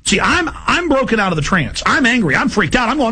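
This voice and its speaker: A man hosting a talk radio show, ranting fast and getting agitated, often rising to shouts. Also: very high voice, very animated, breathy edge. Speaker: radio host. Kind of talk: heated talk radio rant.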